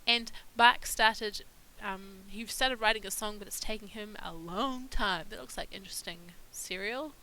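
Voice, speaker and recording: A woman's voice: medium pitch, moderate pace, hardly any pauses, sharp tone, a little hiss or hum, poor audio. A woman giving casual let's-play commentary, chatting to her game characters and laughing often. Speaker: gaming YouTuber.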